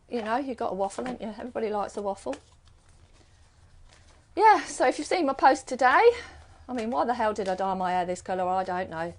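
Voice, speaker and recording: A woman's voice: a little high, a little hiss or hum. A middle-aged British woman hosting a live stream, chatting casually and rambling through strings of rhetorical questions. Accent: British English. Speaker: live-stream host and card reader. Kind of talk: casual chat.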